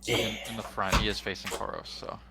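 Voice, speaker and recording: A man running a tabletop game as dungeon master, narrating in a halting way with many fillers. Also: fairly low pitch, level tone, heavy background noise.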